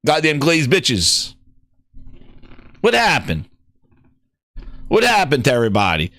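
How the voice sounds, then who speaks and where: A man hosting a gaming news livestream, ranting in an excitable, profane and mocking way. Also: on the high side, slow, no room sound. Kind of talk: livestream rant.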